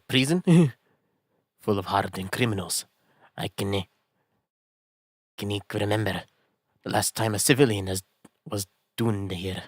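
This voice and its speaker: A man voicing a gruff, bigoted middle-aged prison governor in a put-on Scottish accent, low and curt. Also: slight background noise.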